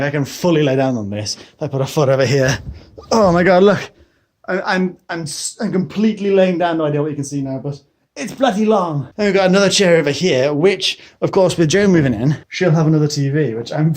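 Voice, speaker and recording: Chatty British man touring his home. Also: a little high. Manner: chatty, rambling, exclaims and laughs at himself. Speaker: vlogger. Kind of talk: casual vlog tour. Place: a house, indoors.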